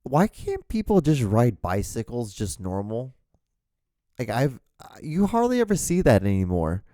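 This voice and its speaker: A man's voice: medium pitch, huge pitch swings, a little slow, dark tone, no room sound, studio quality. A man in his thirties hosting a podcast alone, rambling casually with lots of fillers, restarts and swearing. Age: 30s. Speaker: podcast host.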